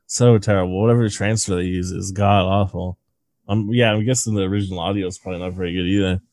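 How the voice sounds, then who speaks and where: Low-voiced man ranting about a movie. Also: steady tone, quick pace, darkish tone, no echo. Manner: profane, laughing, rambling trivia. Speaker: podcast co-host. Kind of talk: casual movie-review chat.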